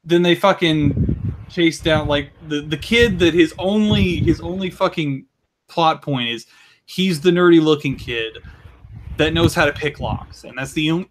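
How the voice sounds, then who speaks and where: A man's voice: on the high side, background noise. Rambling, profane young man recapping anime. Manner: rambling, profane, frequent throat clearing. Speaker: podcast co-host. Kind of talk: casual chat.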